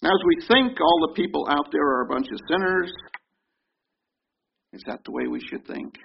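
A man's voice: a little high, normal speed, gravelly, dull audio, a little hiss or hum. A man preaching a sermon in an emphatic way, repeating phrases for effect. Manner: emphatic, repeats and mimics congregation shouts.

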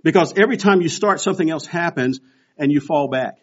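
A man's voice: fairly high pitch, a little fast. A man in his sixties preaching a sermon, telling stories and acting out quoted voices as he goes. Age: 60s. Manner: storytelling with animated quoted voices. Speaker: pastor. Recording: dull lo-fi recording.

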